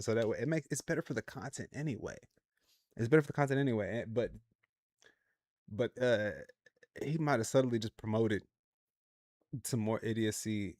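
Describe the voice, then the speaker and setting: A man hosting a livestream, reacting to clips in casual, slangy, animated commentary. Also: fairly low pitch, no room sound, studio quality.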